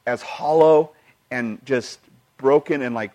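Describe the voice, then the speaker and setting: A man's voice: medium pitch, normal speed. Earnest male pastor preaching a sermon. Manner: earnest, shifts between emphatic and hushed delivery; quotes scripture and retells personal stories.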